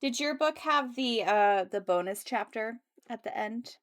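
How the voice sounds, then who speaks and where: A woman co-hosts a casual book club podcast and rambles eagerly, packing her speech with "like" and restarts. Her delivery is animated and conversational. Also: on the high side, a little slow. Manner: rambling, lots of filler "like", animated. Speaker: podcast co-host.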